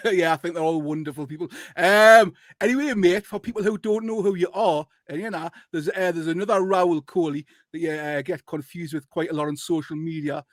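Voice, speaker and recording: A man's voice: on the high side, normal speed, no echo, clean studio sound. A man hosting a casual football podcast, bantering and swearing freely. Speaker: podcast host.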